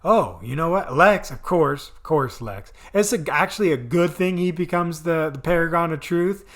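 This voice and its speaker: Male reviewer, casual and rambling, bright tense tone, slightly high. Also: moderate pace. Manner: rambling, filler-heavy, enthusiastic. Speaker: video reviewer. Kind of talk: casual chat.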